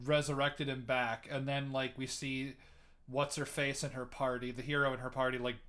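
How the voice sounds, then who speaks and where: A man's voice: mid-range voice, level tone, moderate pace, fairly bright tone. A man hosting a podcast, chatting casually in a rambling, hedging way that trails off. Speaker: podcast host. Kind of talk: casual chat.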